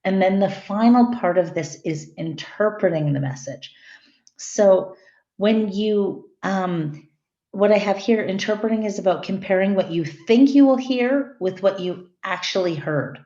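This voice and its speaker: A woman's voice: mid-range voice, unhurried, warm tone. A middle-aged woman giving a conversational classroom lecture and checking in with her students. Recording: echoey, dull lo-fi room recording.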